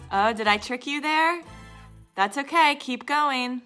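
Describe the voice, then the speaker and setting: A woman with a high voice leads children through a jumping game, sounding upbeat and instructive as she guides their movements. She speaks unhurriedly, with a sharp tone. Faint music plays in the background.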